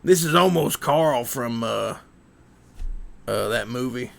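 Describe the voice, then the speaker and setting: A man's voice: mid-range voice, expressive, takes it slowly, gravelly, long pauses, slight background noise. A man hosting a livestream, chatting casually and jokily with his viewers in a rambling way. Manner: rambling, jokey. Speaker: livestream host.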